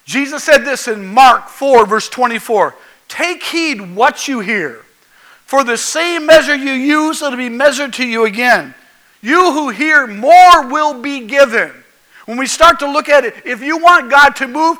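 A man's voice: very high voice, expressive, normal speed, pushed and bright, low-quality recording. A male pastor preaching a folksy, jokey sermon that keeps asking the congregation questions.

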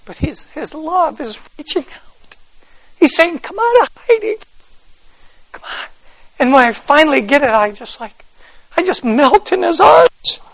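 A man preaching a fervent sermon, repeating phrases and rising into shouts. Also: very high-pitched, sing-song, measured pace, vocal fry, rough recording. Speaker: pastor.

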